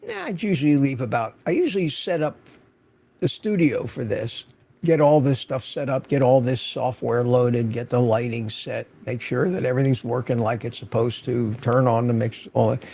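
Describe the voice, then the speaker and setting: A man's voice: medium pitch, moderate pace, vocal fry, dark tone, breathy edge. An older man hosting a livestream, chatting casually and rambling as he greets viewers by name from his home studio. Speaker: livestream host.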